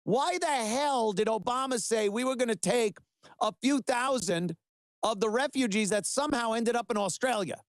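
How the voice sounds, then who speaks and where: A man's voice: very high voice, moderate pace, no echo, clean studio sound. A middle-aged man hosting a web show, delivering sarcastic, mocking political commentary with heavy emphasis.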